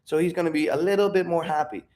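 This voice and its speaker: A man pitched slightly above the usual male range, talking live to his stream audience. He speaks English as a second language and rambles in an energetic, profane flow. The talk is loose and unscripted. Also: quick pace. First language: not English. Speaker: livestream Q&A host. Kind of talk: live unscripted monologue to chat.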